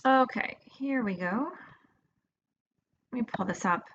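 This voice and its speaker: Brief: woman lecturer, casual and halting, dull recording with faint hiss. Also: on the high side, fairly bright tone. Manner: casual, hesitant, many fillers and restarts.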